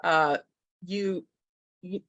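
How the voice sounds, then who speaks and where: A woman's voice: on the low side, fairly even intonation, extremely slow, fairly bright tone, highs cut off. A woman hosting an interview, thoughtful and searching for her words. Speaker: host. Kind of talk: interviewer commentary.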